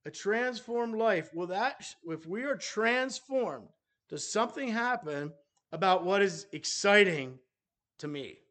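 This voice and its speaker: A male preacher delivers a sermon at a slow, considered pace, often pausing mid-phrase and starting over. His voice sits a little higher than most men's. He speaks plainly to the men in his congregation. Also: expressive, a bit bright. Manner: measured, halting delivery with restarts and pauses.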